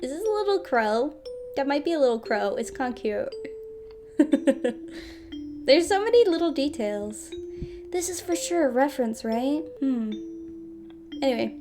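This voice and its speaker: A woman with a high voice reads a story game aloud and breaks off into chatty, giggly commentary. Her tone is relaxed and casual, like a streamer talking to viewers. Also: unhurried, long pauses, over music. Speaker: gaming streamer.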